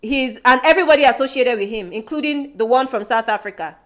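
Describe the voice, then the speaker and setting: A woman's voice: sits high, quick pace, fairly bright tone. A woman born in Nigeria co-hosting a podcast, talking earnestly and reflectively in a casual chat. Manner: earnest, self-reflective, many restarts. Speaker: podcast co-host.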